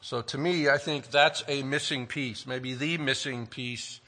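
A man preaching a sermon earnestly, asking rhetorical questions and slowing down to stress key phrases. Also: medium pitch, fairly even intonation, pushed and bright. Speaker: pastor.

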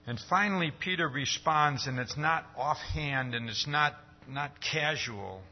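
A man's voice: unhurried, lo-fi sound. Man preaching a conversational sermon. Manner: conversational, keeps asking "See?"; acts out quoted dialogue with rising pitch.

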